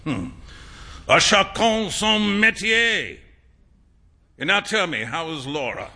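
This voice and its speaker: Guy reading as a breezy amused painter, high bouncy voice, super bright. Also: takes it slowly, heavily acted. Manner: breezy, lively, laughing. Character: amused, worldly young male painter.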